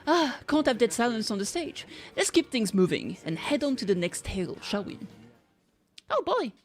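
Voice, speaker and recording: A woman streamer chattering through a game in a fairly high, playful voice. She tosses out silly remarks and exclamations while faint game music runs underneath. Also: sing-song, normal speed. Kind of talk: casual game-playing commentary.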